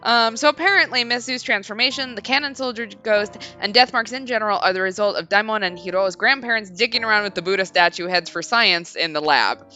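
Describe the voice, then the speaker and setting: A woman's voice: mid-range voice, fairly quick, hardly any pauses, sharp tone, faint music behind. A woman hosting a let's play, chatting casually and reading the game's text aloud in a storytelling tone, with frequent giggles.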